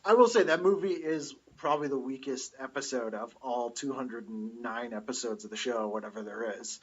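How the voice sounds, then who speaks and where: Husky-voiced comedian in his forties, explains in detail, mid-pitched. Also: normal speed, highs cut off. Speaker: podcast guest, comedian. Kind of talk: casual chat.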